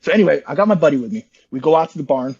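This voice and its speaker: Fast, husky man telling a story. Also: fairly high pitch, lively intonation, a little mellow, highs cut off. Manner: rambling, slangy, calls listeners bro. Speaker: interview guest, online community founder. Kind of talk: casual conversational storytelling.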